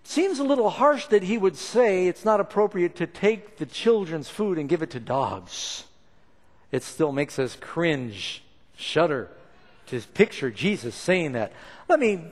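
A man preaching a sermon, his fairly high voice rising and falling all through the talk. He acts out the lines he quotes to make his point. A long reverb trails behind him, as in a big church hall. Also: expressive, measured pace.

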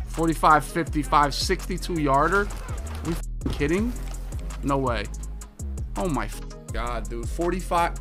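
Bright-voiced man ranting over gameplay. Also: a little slow, long pauses, soft background music. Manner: swears often, swings from low muttering to loud exasperated outbursts. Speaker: gaming video creator. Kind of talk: live gameplay commentary.

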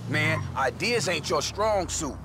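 A man's voice: a little high, expressive, unhurried. An actor playing a boastful male ex-con gang veteran in a video game, lecturing in street slang. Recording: game noise behind.

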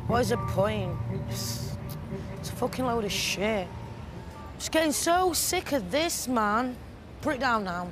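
Young woman filming herself, high-pitched and blunt, echoey camera audio over faint music. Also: sing-song, unhurried, long pauses. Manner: blunt, sweary, agitated. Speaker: documentary subject. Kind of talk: self-filmed video diary. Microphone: handheld camera she holds herself. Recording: echoey handheld camera sound.

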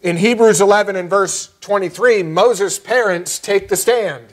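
A man preaching as pastor in a church, earnest and measured, slowing down on key phrases. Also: high voice. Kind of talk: sermon. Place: church sanctuary.

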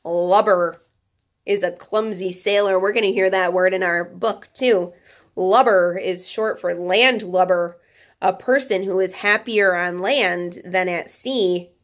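A woman's voice: on the low side, measured pace. A woman teacher reading a children's nonfiction book aloud to her class, breaking off for chatty, playful asides.

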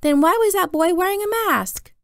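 A woman's voice: very high-pitched, moderate pace, fairly bright tone, dry recording, studio quality, pitched above the performer's own voice. A woman voicing a curious, blunt little boy in a storybook reading, asking eager questions. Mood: puzzled.

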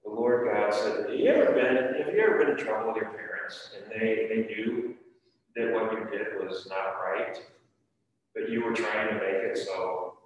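A man's voice: fairly low pitch, normal speed, dull audio. A man teaching a confirmation class, reading scripture aloud and then questioning his students. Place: church room. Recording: echoey room from far off.

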